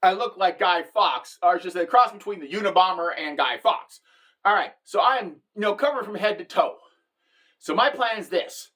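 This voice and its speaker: A woman's voice: on the low side, moderate pace, fairly bright tone. A middle-aged woman telling a comic story in a wry, rambling way, with crude language and many side remarks. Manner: wry, profane, rambling asides. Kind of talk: comedic storytelling monologue.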